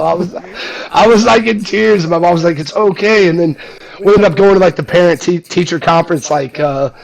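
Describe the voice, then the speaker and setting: A man's voice: on the high side, vocal fry, rough recording. A man hosting a casual livestream chat, telling rambling stories full of fillers. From Houston area. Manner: rambling storyteller, lots of fillers. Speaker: host.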